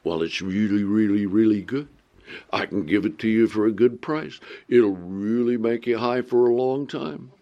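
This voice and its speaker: A man voicing a sly adult male drug dealer who makes a low, hushed, coaxing sales pitch, in a dull lo-fi recording. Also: moderate pace, creaky.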